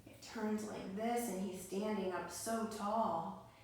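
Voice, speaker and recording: Slow, gentle preschool teacher reading aloud. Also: female voice, mid-range voice, slight background noise. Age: adult, mother. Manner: gentle, expressive, addressing children. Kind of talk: read-aloud storytelling for children. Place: indoor room at home. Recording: echoey room, mic far off.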